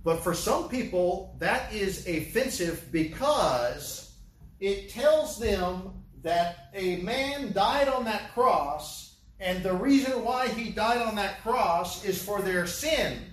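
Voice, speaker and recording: High-voiced preacher in an echoey room. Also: male voice, animated, takes it slowly, a bit bright. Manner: rhetorical questions, repeats key phrases. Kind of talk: sermon. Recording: echoey room, distant mic, faint hiss.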